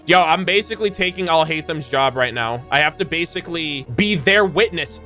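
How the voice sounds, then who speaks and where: A man streaming a video game, chatting casually and reacting loudly with slang as he plays. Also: a little high, animated, a little fast, faint music behind. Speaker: gaming streamer. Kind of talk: casual let's-play commentary.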